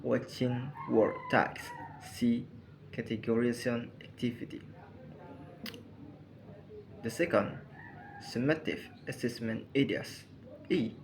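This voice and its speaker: A man reads a lesson aloud at a very slow, halting pace, breaking his sentences into short phrases. His pitch sits in a middle range. A faint hiss of noise runs under the recording. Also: vocal fry, low-quality recording. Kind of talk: reading a lesson on compound words.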